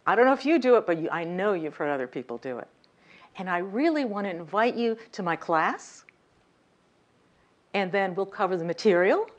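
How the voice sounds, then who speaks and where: A woman's voice: mid-range voice, expressive, normal speed. A woman leading a communication workshop, talking directly to her audience and stressing words to demonstrate her points. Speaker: communication coach. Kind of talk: workshop lecture. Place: lecture room.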